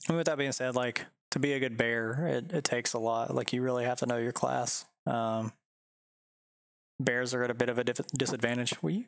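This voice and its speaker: A man's voice: mid-range voice, fairly even intonation, moderate pace, creaky, long pauses, a bit bright, no room sound, clean studio sound. Laid-back rambling male streamer. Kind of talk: casual game-stream chat. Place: home.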